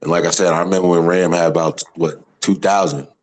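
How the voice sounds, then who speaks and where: Casting: very low-voiced man, easygoing livestream host, rambling conversational delivery. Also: steady tone, fast, rough recording. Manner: conversational, frequent "you know what I mean". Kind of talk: casual chat.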